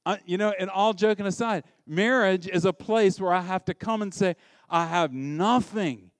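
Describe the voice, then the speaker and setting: A middle-aged American man preaches with an animated, conversational delivery. He often slips into acted-out voices. His voice sits somewhat high, and the sound is close and dry with no room echo. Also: a little fast. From United States. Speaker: pastor. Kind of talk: sermon.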